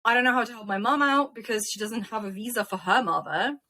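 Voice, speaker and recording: A young woman from Ukraine, interviewed as a guest, retelling events in an animated, emotional way. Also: fairly high pitch, fast. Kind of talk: casual interview storytelling.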